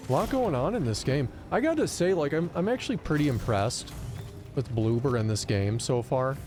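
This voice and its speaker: A man streaming a video game, telling stories in a loose, animated way and cursing often in casual commentary. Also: medium pitch, normal speed, soft background music. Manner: animated storytelling, profane rants.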